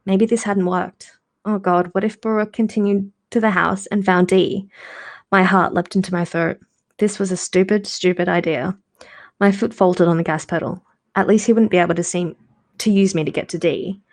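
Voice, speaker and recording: A woman's voice: fairly low pitch, steady tone, normal speed. A woman reading a novel aloud casually on a live stream, correcting her slips and adding short asides. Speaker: reader of novels.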